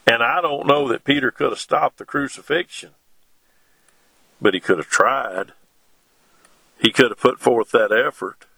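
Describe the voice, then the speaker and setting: A middle-aged man, preaching a sermon in a slow, folksy way with homespun asides between scripture readings. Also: mid-range voice, creaky, pushed and bright, slightly rough, no echo.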